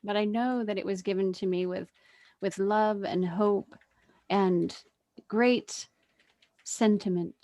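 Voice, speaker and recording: A woman's voice: mid-range voice, fairly even intonation, takes it slowly, pauses often, warm tone, dry recording. A woman playing a tabletop role-playing game, speaking earnestly as her character. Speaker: player.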